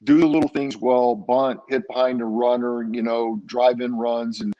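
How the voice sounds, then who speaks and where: An older man spins long stories from his playing days in a relaxed interview. He talks at an everyday pitch, backing up and restarting with plenty of "uh"s as he goes. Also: normal speed, lo-fi sound. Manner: rambling, many fillers and restarts. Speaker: guest, former baseball player. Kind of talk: casual interview storytelling.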